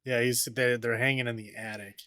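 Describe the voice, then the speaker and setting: A man's voice: medium pitch, flat delivery, brisk, bright, forceful tone, no echo. A man co-hosting a podcast, dropping dry sarcastic asides about a movie in casual chat. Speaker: podcast co-host.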